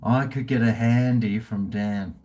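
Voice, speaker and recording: Tipsy Australian bloke hosting a live stream, slow and loose, swears freely while he chats. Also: fairly low pitch, fairly even intonation, mellow. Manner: rambling and profane, reading out viewer chat. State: tipsy from drinking. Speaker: livestream host. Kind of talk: casual live-stream chat.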